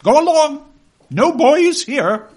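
A man voicing a stern, eccentric old aunt who barks brusque orders in a sharp, shrill voice. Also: sing-song, slow, full character voice. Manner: barking orders.

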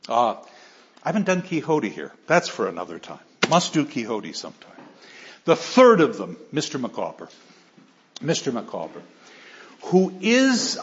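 Animated male literature lecturer. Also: medium pitch. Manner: animated, emphatic, with frequent restarts. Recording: slightly dull lo-fi recording.

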